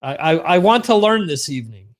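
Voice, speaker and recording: A man's voice: on the high side, sing-song, a little fast. A middle-aged man hosting a podcast in a rambling, self-mocking casual chat. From United States. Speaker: podcast host.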